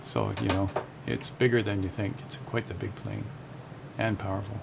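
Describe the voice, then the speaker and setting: Gravelly-voiced man hosting a flight stream. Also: lowish voice, little pitch movement, moderate pace, background noise. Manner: chatty, laughs often, explains at length. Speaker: host of a group flight stream. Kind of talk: casual gaming chat.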